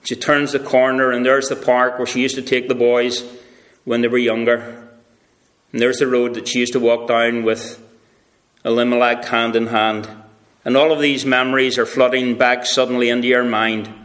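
A man's voice: level tone, normal speed, fairly bright tone. A man preaching a sermon, teaching a Bible passage in a conversational, meandering way with many fillers. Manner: conversational, with many fillers, drifts in pitch for emphasis.

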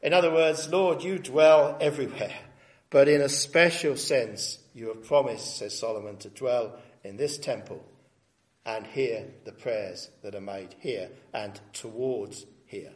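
A man preaching an expository sermon, reading scripture aloud with rising emphasis and stressing key words slowly. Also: mid-range voice. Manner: reads scripture aloud with rising emphasis, then comments plainly.

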